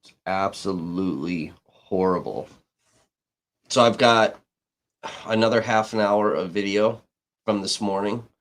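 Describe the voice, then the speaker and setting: A man's voice: on the low side, measured pace, long pauses, fairly bright tone. A man live-streaming, telling a rambling, heated story in casual chat, swearing freely and restarting his sentences. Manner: heated, profane, with frequent restarts.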